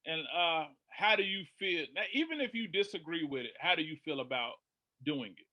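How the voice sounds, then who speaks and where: A man on a panel posing a thoughtful question, halting with uhs. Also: fairly high pitch, expressive, lo-fi sound. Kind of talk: casual panel discussion.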